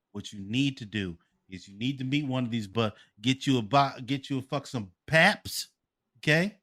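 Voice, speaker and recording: A man co-hosting a podcast, telling stories in a loud, profane, animated way. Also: medium pitch. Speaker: podcast co-host. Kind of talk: casual podcast chat.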